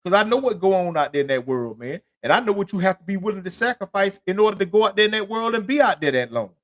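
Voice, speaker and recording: High-voiced and fast, with lively intonation and a fairly bright tone, a man goes it alone on his podcast. He tells rambling, profane street stories in loose slang, often tossing in "you know what I'm saying."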